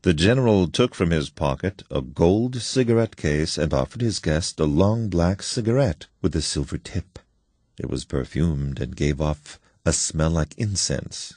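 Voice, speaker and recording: A man narrating a story in an expressive audiobook reading with shifting emphasis. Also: low-pitched, a little slow, dry recording, clean studio sound.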